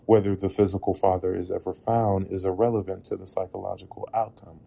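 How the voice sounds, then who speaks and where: A man narrating a reflective spoken essay in a measured, earnest way. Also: low voice, level tone, vocal fry, mellow, husky. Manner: measured, earnest, with occasional laughs at slips.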